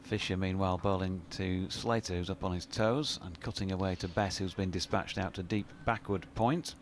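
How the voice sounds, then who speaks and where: A man's voice: deep voice, fairly even intonation, normal speed, a little hiss or hum. A man commentating live on cricket, chatty, reading listener emails aloud and laughing easily.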